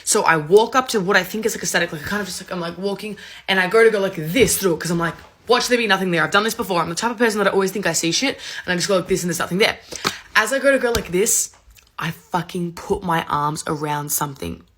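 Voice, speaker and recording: A woman, rapidly and animatedly retelling a story in a casual, swearing, rambling way. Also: on the low side, a bit bright.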